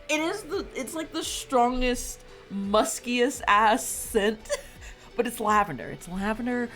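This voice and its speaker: A young woman with a mid-range, slightly bright voice chats casually with her stream viewers. She sounds congested and tired, rambling loosely with lots of laughs and fillers while faint music plays behind her.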